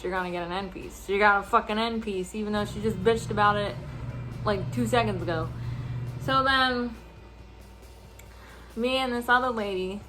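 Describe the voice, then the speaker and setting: A young woman telling a casual storytime vent about her deli job, animated and swearing a lot, laughing as she acts out the people she quotes. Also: on the high side. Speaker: deli worker.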